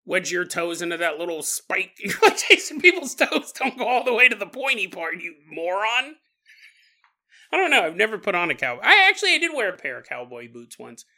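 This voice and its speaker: A man's voice: high-pitched, big pitch swings, brisk, bright, forceful tone. A man hosting a podcast, telling a story in a rambling, joking way with mock voices. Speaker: podcast host. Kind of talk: comedic paranormal podcast storytelling.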